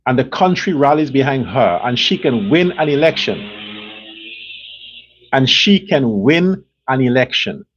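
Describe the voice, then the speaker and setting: A man's voice: medium pitch, darkish tone, husky. A man with a Guyanese accent ranting bluntly and profanely about politics as a show host, hammering his points over and over. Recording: dull lo-fi sound.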